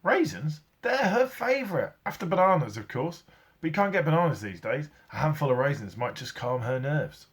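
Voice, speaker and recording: A man voicing a brave, eager young schoolboy in a read-aloud story, talking in a raised, excited voice. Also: on the high side, moderate pace, husky, voice pushed up.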